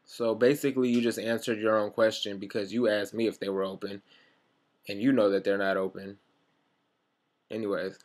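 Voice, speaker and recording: A man's voice: fairly low pitch, level tone, moderate pace, pauses often, darkish tone. A young man telling rambling, sarcastic stories straight to camera, swearing freely as he goes. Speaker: vlogger. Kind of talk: casual storytelling monologue.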